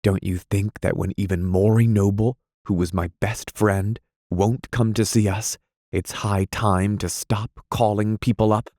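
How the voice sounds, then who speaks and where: A man reading aloud, playing a self-pitying, quick-tempered young husband who drinks, plaintive and flaring. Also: on the low side, fairly even intonation, mellow, no echo, clean studio sound. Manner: plaintive, flaring into weak anger.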